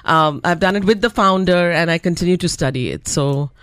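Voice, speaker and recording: A woman's voice: fairly low pitch, a little fast, a bit bright, no echo. Upbeat woman laughter trainer. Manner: upbeat, encouraging. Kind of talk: radio interview. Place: radio studio.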